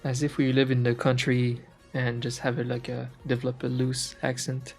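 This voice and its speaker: Drawing live with faint background music, a man from French-speaking Canada whose first language is French talks in a relaxed ramble at mid pitch and normal speed, with vocal fry. He often hunts for words, saying "uh" a lot and restarting sentences.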